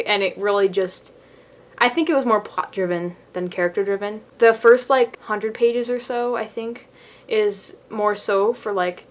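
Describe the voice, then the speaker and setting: A young woman in a casual book review vlog, rambling with lots of fillers and laughing often as she talks. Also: mid-range voice. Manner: giggly, laughs often while talking. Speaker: book vlogger.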